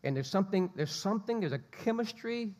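A man delivers a sermon in a church auditorium. He tells his story with energy and acts out the quoted lines. His voice sits a little high and rings with a long hall reverb. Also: animated, fast, a little mellow. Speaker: pastor.

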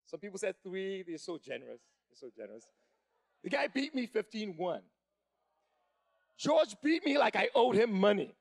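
A man in his thirties telling an animated stand-up story to a live crowd, building up to shouting when excited. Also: high voice, moderate pace, creaky. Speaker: stand-up comedian.

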